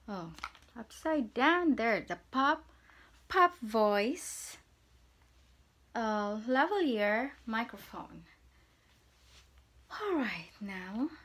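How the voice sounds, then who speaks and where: A woman vlogger chatting softly through a casual unboxing and gushing over small things. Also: on the high side, background noise. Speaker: vlogger reviewing gear.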